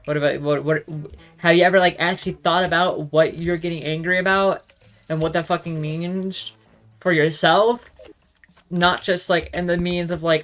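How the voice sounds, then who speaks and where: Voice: mid-range voice, steady tone, normal speed, a bit bright, faint music behind. A speaker ranting casually in a rambling monologue, swearing freely and filling every gap with "like.". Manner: rambling, profane, heavy use of "like". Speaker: solo talk show host.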